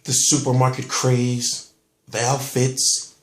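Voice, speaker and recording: A man talks boxing on his own vlog in a loose, rambling way, peppering the listener with rhetorical questions and casual profanity. His voice sits at an everyday pitch and is recorded in a noticeably echoey room. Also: monotone, slow. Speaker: boxing show host.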